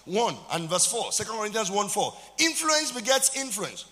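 Nigerian man preaching, animated pitch, long church-hall echo, emphatic. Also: normal speed, few pauses. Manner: preaching with dramatic emphasis and call-outs to the congregation. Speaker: pastor. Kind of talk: sermon.

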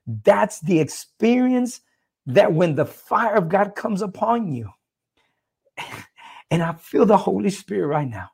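High gravelly husky man testifying. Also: very animated, unhurried, pauses often, a little mellow. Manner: earnest, repeats "listen" and "I'm like". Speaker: guest evangelist giving testimony. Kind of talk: personal testimony turning into preaching.

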